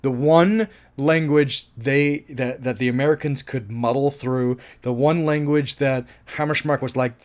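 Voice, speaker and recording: A man's voice: medium pitch, steady tone, unhurried, few pauses. A man reviewing a film in a casual monologue. He is enthusiastic, laughs often and swears freely.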